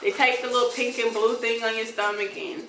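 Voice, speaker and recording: Young woman vlogger, lively storyteller, roomy sound with the mic a little away. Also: fairly high pitch, fairly quick, recorded from a distance, noisy background. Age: young adult. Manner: animated, acts out voices in quotes, laughs often. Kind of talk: casual storytime.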